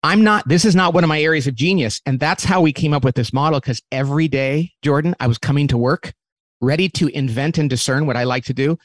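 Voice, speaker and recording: A man who runs a company, talking as an interview guest and lively acting out quoted remarks as he explains a model. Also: fairly high pitch, fast talker. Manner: animated, acts out quotes in different voices; repeats words when restarting.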